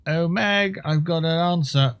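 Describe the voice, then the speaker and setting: A man's voice: fairly high pitch, unhurried, clear, resonant tone, muffled recording. A man hosting a game livestream, riffing in a profane, jokey way. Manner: profane, jokey, bursts into excited whoops. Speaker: livestream gamer host. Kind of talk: casual gameplay commentary.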